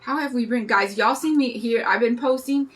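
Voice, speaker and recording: A woman's voice: a little high, moderate pace, poor audio. A woman in her fifties hosting a live craft tutorial, chatting in a bubbly, rambling way and greeting viewers by name as she works. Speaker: craft livestream host.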